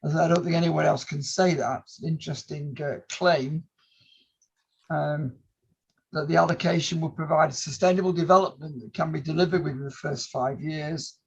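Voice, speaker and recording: Male hearing chair, gravelly and husky, summarises points politely on a call. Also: a little high, fairly even intonation, muffled recording. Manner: polite, measured, reads points aloud with hesitations. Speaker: planning inspector chairing a hearing. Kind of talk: formal hearing, summarising submissions.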